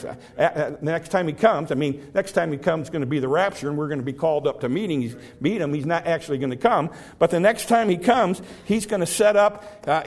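A man preaches in a folksy, conversational way, his voice sitting a little high for a man. He stumbles and repeats words now and then, and draws out the scripture he reads aloud. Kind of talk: sermon, Bible teaching.

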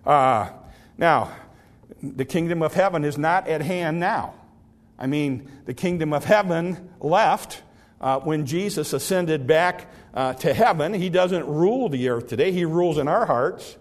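A man preaching a folksy Bible-teaching sermon, slowing down to read scripture and often restarting his words. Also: a little high, lively intonation.

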